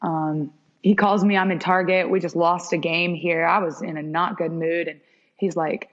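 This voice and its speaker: A woman's voice: fairly low pitch, normal speed. A young woman, a podcast guest, telling stories in a casual interview and acting out the dialogue. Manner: animated, acts out quoted dialogue. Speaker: podcast guest, former pro soccer goalkeeper. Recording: dull lo-fi podcast audio.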